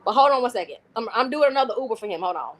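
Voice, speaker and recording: A woman hosting a livestream chats in a blunt, casual way and swears without a second thought. Her voice is high and her words come quickly. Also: expressive. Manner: fast, blunt, swears freely. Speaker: livestream host.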